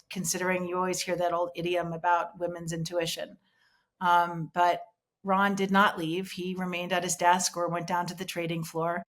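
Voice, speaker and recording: A middle-aged woman, an interview guest, recounting a painful personal memory in a halting way with many pauses and restarts over a remote call. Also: fairly low pitch, fairly bright tone. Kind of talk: emotional personal recollection.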